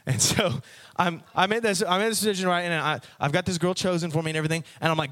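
Young male youth preacher, animated storyteller with a somewhat high voice. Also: quick pace. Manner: animated storytelling, addresses the audience. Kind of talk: sermon testimony.

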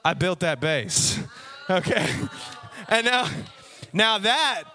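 A young man preaching a personal testimony to a youth audience, with lively storytelling and frequent direct asides. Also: high-pitched, takes it slowly. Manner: animated storytelling, addresses the audience. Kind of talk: sermon testimony.

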